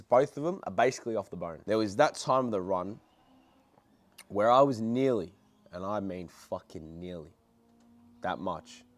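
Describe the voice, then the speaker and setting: A young man vlogging, telling a story in a casual, blunt, excitable way and swearing heavily. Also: on the low side, no room sound.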